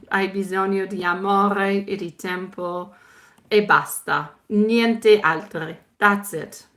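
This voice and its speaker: A woman hosting a live tarot stream, chatting warmly with viewers and mixing in Italian words and pet names. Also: fairly low pitch, creaky. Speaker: tarot reader.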